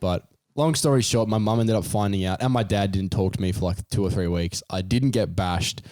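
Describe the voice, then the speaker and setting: A young Australian man casually telling a story on a podcast, animated, his voice jumping high as he retells his panic. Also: brisk, no echo, clean studio sound. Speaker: podcast co-host.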